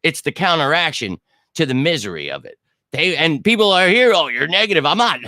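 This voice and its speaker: A man's voice: on the high side, big pitch swings, brisk, pushed and bright, no echo. A man in his thirties hosting a fan show, ranting in a brash, heated, profane way and talking straight to his viewers. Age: 30s. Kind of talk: livestream rant.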